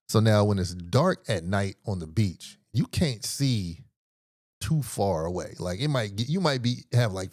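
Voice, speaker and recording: A man's voice: on the low side, darkish tone, no echo, studio quality. A man hosting a podcast, telling a rambling story in a laid-back, profane and slangy way, acting out the lines of the people in it. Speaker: podcast host. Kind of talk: casual comedic storytelling.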